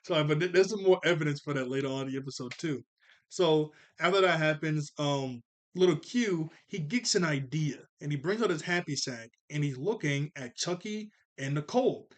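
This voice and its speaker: A young man with a fairly high voice runs through a cartoon episode in a casual, chatty way. He laughs often, sounds playful and gets animated when he makes his points. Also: moderate pace. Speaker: cartoon reviewer.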